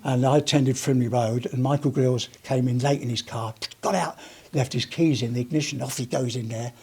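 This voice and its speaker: A man's voice: mid-range voice, fairly even intonation, normal speed, warm tone, breathy edge. An older man, a retired police officer, giving a rambling, chatty anecdotal talk to a live audience. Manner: rambling, chatty storyteller with many restarts. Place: heritage gallery talk.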